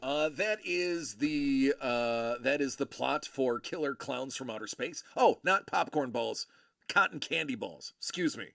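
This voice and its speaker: On a relaxed live stream about collectibles, the male host jokes and rambles as he goes through comments, cutting himself off and starting again often. His medium-pitched voice is expressive, creaky and a bit bright, and he speaks a little slowly in a dry, clean studio recording.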